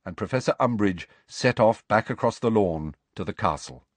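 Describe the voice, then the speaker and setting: A male audiobook narrator with a husky, expressive voice reads scripted narration as a storyteller. His pitch is fairly low, his speed normal, and there's no room sound.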